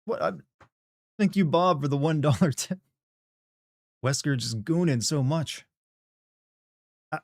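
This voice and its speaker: A man's voice: medium pitch, darkish tone, no room sound, studio quality. A middle-aged man from the Southern United States chatting casually on a live stream, rambling, joking and reading chat aloud.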